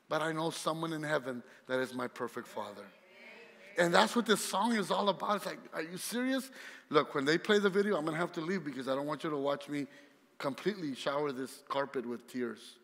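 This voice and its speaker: A male pastor preaching a sermon in a lively, conversational way, talking straight to the congregation. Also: fairly high pitch, big-room sound.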